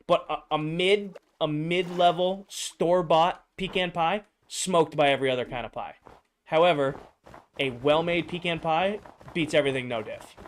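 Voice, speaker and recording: A man streaming a game, chatting casually, reading out and reacting to viewers' answers with playful opinions. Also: fairly high pitch. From United States. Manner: reads viewer replies aloud, playful and opinionated. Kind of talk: casual livestream chat over gameplay.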